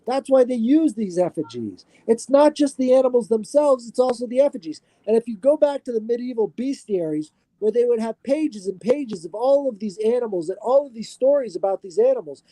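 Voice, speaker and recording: A man talking on a podcast as a guest, lecturing in an animated, profane way. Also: extremely high pitch, fairly quick, few pauses, no echo. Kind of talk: casual podcast chat.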